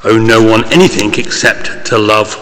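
A man's voice: lowish voice, steady tone, moderate pace, fairly bright tone, long reverb tail, a little hiss or hum. A man preaching a sermon in a conversational way, with small asides and fillers. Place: church.

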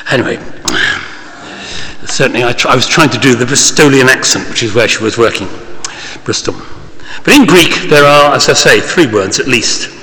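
A man's voice: medium pitch, pushed and bright, long reverb tail. A man preaching a sermon in a conversational way, with small asides and fillers. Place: church.

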